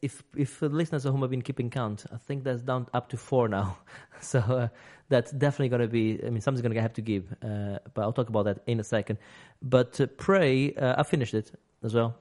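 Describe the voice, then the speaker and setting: A man chatting on a games podcast at an ordinary pitch. He rambles through his thoughts and often stops to restart a sentence. He laughs easily along the way. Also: brisk, hardly any pauses, darkish tone. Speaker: podcast host. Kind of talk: casual podcast chat about games.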